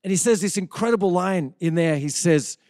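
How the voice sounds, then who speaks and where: A man's voice: high-pitched, lively intonation, fairly quick, darkish tone, dry recording. Brief: middle-aged male pastor, chatty sermon delivery, dry close sound. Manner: conversational preaching with frequent restarts and rhetorical questions.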